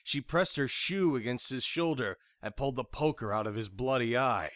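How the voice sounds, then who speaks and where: A man narrating a thriller audiobook in the first person, with expressive storytelling. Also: mid-range voice, moderate pace, no echo, clean studio sound.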